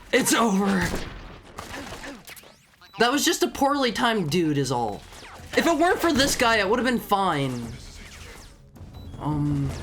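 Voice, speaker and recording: A male streamer with a slightly raspy sick voice, commentating his own gameplay live, excitable, stammering and yelping when he panics. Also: sits high. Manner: excitable, yelps and panics, stammers and restarts often.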